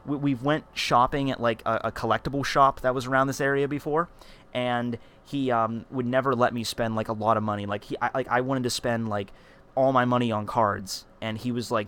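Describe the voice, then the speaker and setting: A male vlogger telling a childhood story in a casual, animated way, rambling with frequent fillers and restarts. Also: mid-range voice, fairly quick, smooth.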